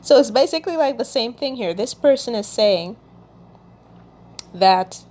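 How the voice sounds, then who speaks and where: A woman hosts a casual Christian video, warmly reading song lyrics aloud and explaining them while frequently checking in with "okay?". Her medium-pitched voice moves at a measured pace with frequent pauses.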